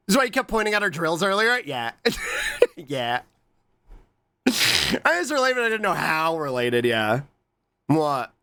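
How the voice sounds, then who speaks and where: Casual live streamer, unhurried and lively in pitch, swears easily, thanks viewers, jumps to squeals. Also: clear, resonant tone. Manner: playful, swears casually, reads chat aloud and thanks viewers; jumps to squeaky high exclamations. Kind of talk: casual live-stream chat reacting to clips.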